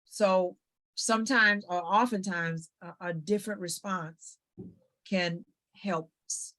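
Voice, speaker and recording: A woman psychologist talking as an interview guest, giving lively conversational advice and acting out little family dialogues. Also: on the low side, slow. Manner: animated, acts out family dialogues with quoted voices.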